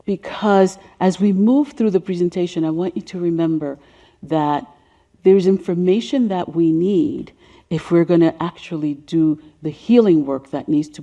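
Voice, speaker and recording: A woman of about seventy with a deep voice gives a seminar presentation on racial healing. She speaks softly and sinks to a whisper on emotional points. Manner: soft-spoken, sinking to a whisper on emotional points.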